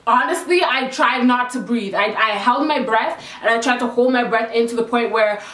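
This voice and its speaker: Young woman vlogger from Canada, higher voice, excitable and breathless storytelling, recorded slightly off-mic in an echoey room. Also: normal speed, recorded from a distance. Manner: animated, breathless retelling of a frightening experience. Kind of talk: casual storytelling to camera. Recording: roomy sound, voice a little off-mic.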